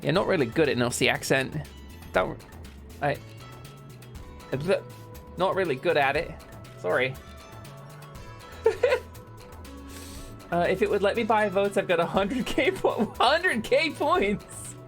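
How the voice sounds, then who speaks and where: A young woman streaming a video game, chatting casually with her viewers, joking around and yelling playful bits. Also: fairly low pitch, a little slow, gravelly, pauses often, faint music behind. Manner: animated, joking, shouts bits and laughs often.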